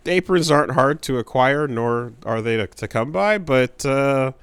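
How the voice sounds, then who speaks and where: A man's voice: mid-range voice, animated, a little slow, clear, resonant tone, dry recording. A young adult man co-hosting a podcast in casual chat, dry and blunt, swearing freely. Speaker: podcast co-host. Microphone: studio podcast mic.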